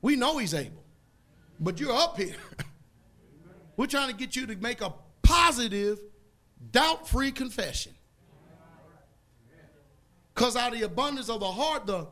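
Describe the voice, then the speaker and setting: A man preaching a sermon in a folksy, emphatic way, drawing call-and-response from the congregation and rising to loud outbursts. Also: very high-pitched.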